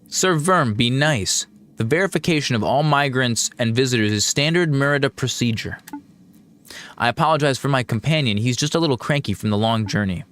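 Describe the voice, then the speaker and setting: A man voicing a courteous, earnest young noblewoman who gently scolds her companion. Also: mid-range voice, animated, brisk, close to an everyday voice. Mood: earnest, polite.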